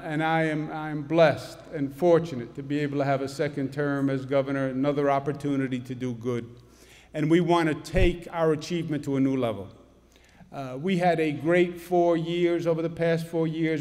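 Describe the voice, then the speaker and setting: A middle-aged man with a rather high voice tells a lively, humorous story to a congregation. He speaks in a big church, his words ringing with long reverb. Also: normal speed. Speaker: politician giving a speech. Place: large church. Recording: long echo of a church hall.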